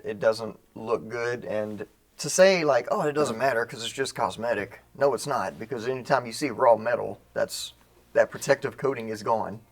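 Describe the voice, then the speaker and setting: A man with a gravelly, creaky voice at an ordinary pitch, talking through rifle-build tips in a loose, joking manner. He keeps it casual and teasing as he co-hosts the how-to. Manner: jokey, animated, self-mocking. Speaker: gunsmithing co-host. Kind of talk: casual instructional banter.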